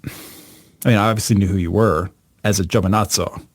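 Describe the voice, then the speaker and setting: A middle-aged podcast host with a Baltimore accent and a low, deep voice. He talks in a casual, excitable way, with loud exclamations. The sound is close and dry. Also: brisk, no echo. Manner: excitable, exclamatory, jumps high in pitch when surprised. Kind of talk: casual interview chat.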